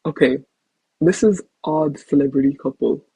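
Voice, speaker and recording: A woman co-hosting a chatty podcast, her voice raspy and breathy with a gravelly edge. She keeps the talk moving, introducing new topics and reading out comments. The sound is close and dry, as if over a remote call. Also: low-pitched, moderate pace, dark tone, dry recording, low-quality recording. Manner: brings up topics, reads out comments. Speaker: podcast co-host. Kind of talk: casual chat.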